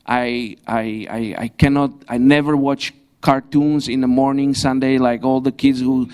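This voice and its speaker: A young man preaching a sermon in a church, pausing and restarting often, with grammar and the odd light laugh. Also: mid-range voice, level tone, a little mellow, clean tone. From Slovakia. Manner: halting, frequent restarts, non-native grammar, light laughs. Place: church hall.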